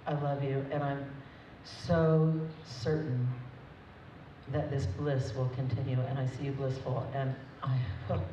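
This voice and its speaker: A woman's voice: a bass voice, little pitch movement, unhurried, warm tone. Chatty mother toasting at a wedding. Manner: chatty, laughing, emotional. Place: wedding reception hall. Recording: echoey dull hall recording from far off, crowd noise.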